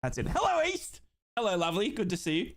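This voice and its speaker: An Australian man hosting a live football watchalong stream, chatty and excitable, reading out chat messages and sometimes shouting hype. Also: high-pitched, quick pace.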